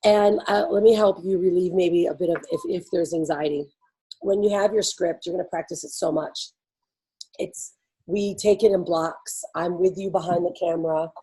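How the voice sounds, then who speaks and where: Over poor audio, a woman hosting an event gives attendees a casual rundown in a warm, husky, fairly low voice that stays steady at a moderate pace. Her delivery is bubbly, full of laughter and the fillers "like" and "you know."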